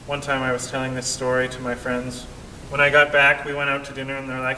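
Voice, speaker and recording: A young man telling a story in an animated way, acting out the voices of the people in it. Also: fairly quick. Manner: animated, acts out quoted voices. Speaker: vlogger. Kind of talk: storytelling vlog. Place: cave. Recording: echoey cave, distant mic, faint rumble.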